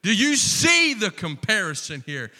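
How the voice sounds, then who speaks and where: A man preaching a sermon in a slightly high, bright voice. He takes his time, drawing out his words. He builds toward fervent, near-shouted refrains. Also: huge pitch swings, measured pace. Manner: impassioned, rising to near-shouting with repeated refrains.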